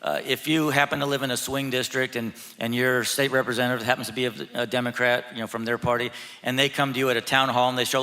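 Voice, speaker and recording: Man, earnest, halting delivery, many restarts, panel talk, long church-hall echo. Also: medium pitch, flat delivery, bright, forceful tone. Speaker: state representative on a church panel. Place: large church hall, live audience.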